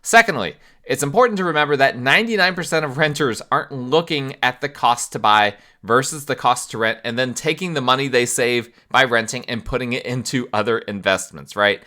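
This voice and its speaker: Bright-toned male podcast host. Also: mid-range voice, a little fast, few pauses. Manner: conversational, asks the audience rhetorical questions. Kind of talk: explanatory monologue.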